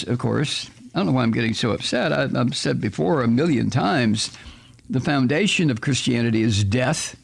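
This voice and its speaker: A man's voice: medium pitch, gravelly. A man hosting a political talk radio show, ranting angrily with lots of profanity and exasperated, sarcastic asides. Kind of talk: political commentary monologue.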